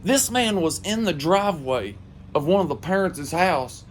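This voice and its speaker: A man telling a comedic story in a casual way, swearing freely and delivering his punchlines flatly. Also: high-pitched, moderate pace, slight background noise. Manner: profane, animated, deadpan punchlines.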